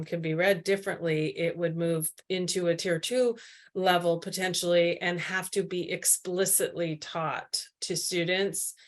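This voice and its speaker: A woman co-presenting a teacher training, speaking casually with many fillers. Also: on the low side.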